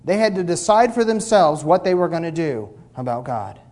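Male pastor, sermon delivery, slightly raised pitch, emphatic with wide swings in loudness, sardonic asides. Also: big pitch swings, moderate pace. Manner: emphatic, swings between loud and quiet; mocks complainers with blah-blah asides.

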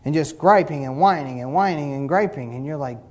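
A male pastor preaching a sermon, emphatic, swinging between loud stresses and quiet asides, with a mocking edge. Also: a little high, a little fast. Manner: mocks complainers with blah-blah asides.

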